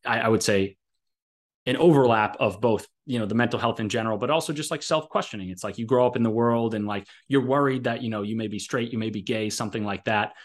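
A man's voice: mid-range voice, fast. A man speaks in an ordinary mid-range voice, talking casually on a podcast. He rambles through a personal story, full of fillers and restarts.

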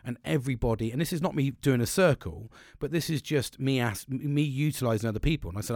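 A middle-aged man hosts a podcast in a loose, rambling monologue. He is blunt and swears freely. His pitch swings widely, and his voice sits dry and close to the mic. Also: lively intonation, fairly quick, vocal fry, darkish tone, no room sound. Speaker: podcast host.

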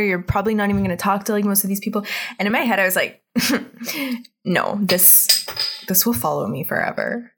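A young woman in casual chat, retelling a cartoon episode with lots of "like" and acting out the characters' lines. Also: medium pitch. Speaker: podcast co-host.

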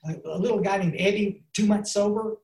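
In an online meeting, a man shares his personal recovery testimony in an earnest, folksy way, peppering it with "and, uh" fillers. His voice is high-pitched and steady, a little dark in tone, and he speaks slightly fast in a roomy-sounding space.

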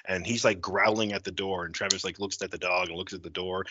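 A man's voice: sits low, flat delivery, a little fast, sharp tone, breathy edge, no room sound, dull audio. Rambling man brainstorming a horror plot. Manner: loose, filler-heavy, acts out characters' lines. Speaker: co-writer planning a horror story. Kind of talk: casual brainstorming chat.

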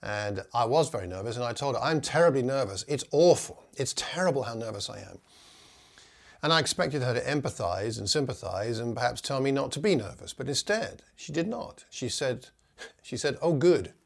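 A man of ordinary pitch teaches would-be preachers in an earnest, encouraging tone. When he reads scripture aloud, his delivery turns slow and measured, with a deliberate weight on each phrase. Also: lively intonation, creaky. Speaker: preaching instructor. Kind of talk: teaching talk with scripture reading.

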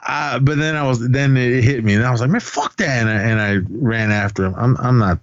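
A man's voice: mid-range voice, steady tone, brisk, dry recording, highs cut off. A man co-hosting a podcast, casually retelling a movie's plot in a rambling, profane way and laughing as he goes. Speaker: podcast co-host. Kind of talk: casual movie recap chat.

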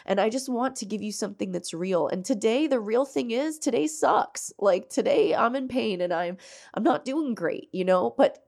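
A woman hosting her own faith podcast, speaking earnestly and through tears, often halting and restarting her sentences. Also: on the high side, expressive, gravelly, darkish tone. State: tearful. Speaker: podcast host. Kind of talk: emotional faith podcast monologue.

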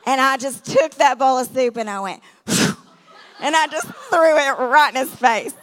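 A middle-aged woman tells stories from the pulpit in a chatty, conversational way, leaning on asides and rhetorical questions. Her voice sits a little on the high side. The long reverb of a large hall trails after her words. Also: normal speed, fairly bright tone. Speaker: guest speaker. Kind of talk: storytelling sermon.

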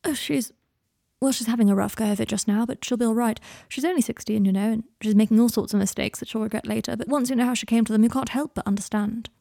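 Fretful, formal young wizard man, voiced by a woman reader, slightly raised pitch, gentle tone. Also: fast talker, vocal fry, dry recording, studio quality. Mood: earnest.

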